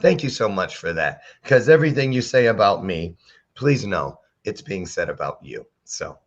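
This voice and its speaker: Playful animated male talk show host. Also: low voice, normal speed. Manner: playful, animated, preacher-like banter. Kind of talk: casual interview chat. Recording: dull lo-fi sound.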